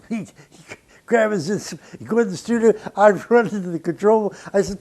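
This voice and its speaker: A man's voice: sits high, normal speed, darkish tone. An older man, a record producer, recounting studio anecdotes in an interview, blunt and profane and laughing between stories.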